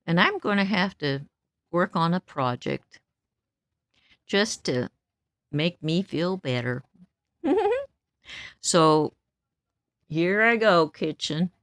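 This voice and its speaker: A woman's voice: on the low side, animated, slow pace, long pauses, fairly bright tone, dry recording, studio quality. A woman in her seventies venting in a blunt, stern, outspoken way, breaking into laughs between remarks. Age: 70s. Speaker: vlogger. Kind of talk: casual venting monologue.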